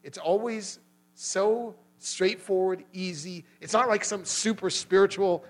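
Man, high voice, earnest lay sermon, animated retelling, faint mains hum behind. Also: normal speed, rough recording. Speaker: lay preacher. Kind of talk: sermon with personal testimony.

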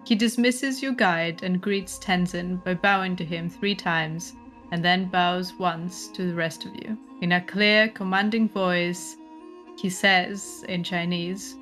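A woman's voice: on the low side, fairly even intonation, slow, a bit bright, faint music behind. Woman game master narrating. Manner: descriptive, often laughing. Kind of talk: narrating a tabletop horror game.

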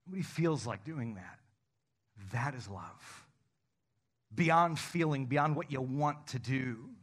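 Animated joking male pastor. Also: medium pitch, slow pace. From North Country. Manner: animated, joking, acts out little scenes. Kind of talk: sermon.

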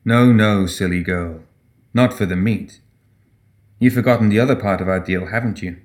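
A man voicing a sly, mocking male demon spirit in a dark storybook reading. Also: lowish voice, moderate pace, lightly acted. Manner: taunting and smug.

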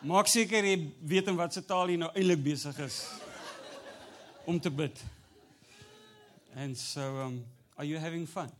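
A man from South Africa whose first language is Afrikaans, preaching a light-hearted sermon with an Afrikaans accent, mixing in Afrikaans words and rising to loud, emphatic delivery. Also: on the high side, measured pace, long pauses, slight background noise. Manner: jokey, switches between English and Afrikaans, builds to loud preaching. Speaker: pastor. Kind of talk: humorous sermon.

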